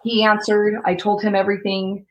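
A young woman speaks as a guest, telling a hard personal story with earnest feeling. Her voice sits in a middle register and now and then breaks into quick, pressing runs of words. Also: medium pitch, monotone, dull audio. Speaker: interview guest. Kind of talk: emotional storytelling.

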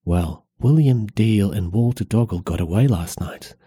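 A man reading aloud as a gloomy, secretive middle-aged villager, in a low, understated voice. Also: animated, unhurried, mellow, slightly rough, no room sound, clean studio sound. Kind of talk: read-aloud novel passage.

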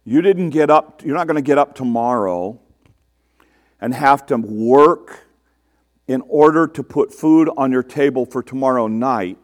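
A man's voice: medium pitch, unhurried. A man preaching a sermon to his congregation in a conversational way, asking rhetorical questions and mimicking the people he quotes. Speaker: pastor.

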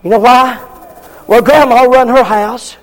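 An older man preaching a fiery sermon, shouting at times and acting out members of the congregation. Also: very high-pitched, steady tone, measured pace.

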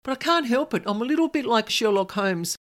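A woman hosting a podcast, telling a personal story in a chatty, animated way and quoting voices. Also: a little high, a little fast. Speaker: podcast host.

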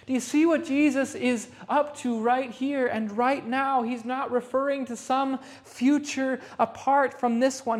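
A woman pastor delivering a Sunday sermon in a rehearsal hall, repeating phrases and slowing down to stress key lines. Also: high-pitched. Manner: emphatic repetition, slowing for stress.

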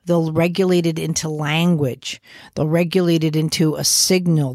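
Chatty podcast host, child therapist, mid pitch, conversational, dry close sound. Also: no room sound. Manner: conversational, often restarts and uses fillers; gives warm, reassuring asides. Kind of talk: casual explanatory podcast talk.

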